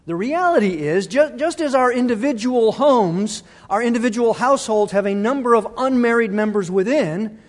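A man's voice: very high voice, lively intonation, moderate pace, hardly any pauses, long reverb tail. A middle-aged man preaching a sermon, earnest and conversational, restarting his phrases as he talks. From Arizona. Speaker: pastor.

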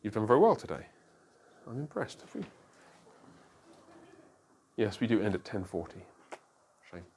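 Man, pastor, middle-aged, lowish voice, chatty church class teacher. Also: sing-song, moderate pace, long pauses, darkish tone, slight background noise. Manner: conversational, checks in with listeners often.

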